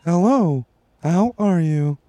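Man voicing a perky robot helper, raised pitch, stiff delivery. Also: animated, slow, warm tone. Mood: eager. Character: eager, overly helpful male household robot.

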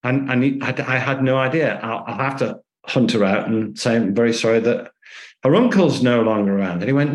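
A man in an echoey room tells stories to his interviewer and slips into the voices of the people he is quoting. His pitch swings widely as he talks, and he sounds bouncy and expressive. His pitch sits in the middle of the range. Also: a little fast. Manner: lively anecdotes, acting out quoted dialogue. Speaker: author and guest. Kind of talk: conversational storytelling interview.

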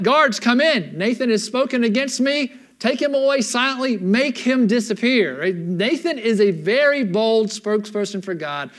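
A man preaching a sermon as a pastor, retelling scripture as an animated story in casual everyday words and often checking in with his listeners. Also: sits high.

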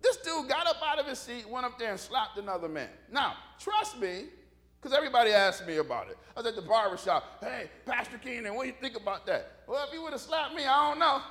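A man's voice: very high-pitched, sing-song, quick pace, fairly bright tone. A middle-aged male pastor, preaching a folksy sermon full of stories and calls for amens. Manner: folksy storytelling with call-and-response.

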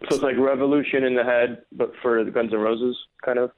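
Co-host man, rapid chatty questions, tinny phone-like sound. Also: medium pitch, fairly even intonation. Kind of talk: casual conversational interview.

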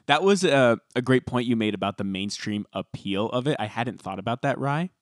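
A man co-hosting a podcast, chatting casually and telling stories with animated emphasis. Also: mid-range voice, brisk, no echo, studio quality. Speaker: podcast co-host.

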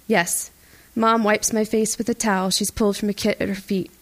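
A woman reading a first-person audiobook in a tense, even storytelling voice. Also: mid-range voice, fast. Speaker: audiobook narrator. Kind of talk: first-person scripted narration.

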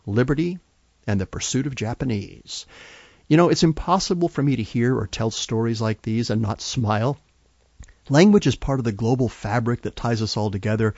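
A man's voice: medium pitch, a little mellow, no echo. A man hosting a podcast, telling stories in scripted narration with a wry storyteller's timing and punchlines that he stresses. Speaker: podcast host. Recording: dry, slightly dull lo-fi recording.

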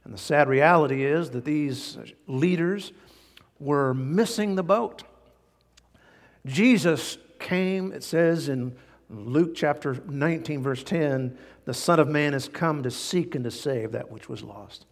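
A man preaching a sermon as a pastor, animated, with sudden jumps in pitch and loudness. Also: slow, long reverb tail.

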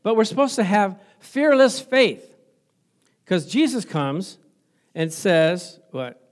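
A man's voice: high-pitched, very animated, takes it slowly. A male pastor preaching a sermon in a conversational way, asking the congregation rhetorical questions and acting out little stories. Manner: storytelling, acting out remembered exchanges.

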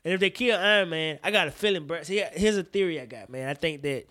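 Animated slangy man on a podcast. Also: on the high side, fast talker. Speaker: podcast co-host. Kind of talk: casual movie chat.

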